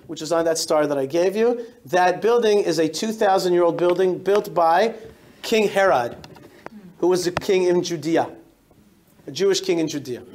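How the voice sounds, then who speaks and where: A man in his forties, a rabbi giving a lively storytelling talk to a synagogue congregation, often restarting and repeating words. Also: high voice, a little hiss or hum. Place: synagogue hall.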